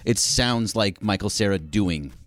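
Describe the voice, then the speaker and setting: A man's voice: lowish voice, a little slow, fairly bright tone, no echo. A man chatting on a radio show, wry and talkative as he weighs in. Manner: wry, chatty, lots of laughing interjections. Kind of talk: casual radio banter. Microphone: dry studio mic.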